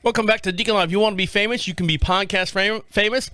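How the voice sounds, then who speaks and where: A man's voice: high voice, steady tone, quick pace, bright, forceful tone, no room sound. A man hosting a podcast, telling a neighbor story in a casual, rambling way. He jokes, laughs and swears as he talks. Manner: rambling and joking, with laughs and profanity. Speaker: podcast host.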